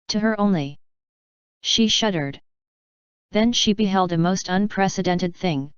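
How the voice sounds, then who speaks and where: A woman narrating a classic novel as an audiobook, in a measured, even reading. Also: lowish voice, clean tone, dry recording, muffled recording.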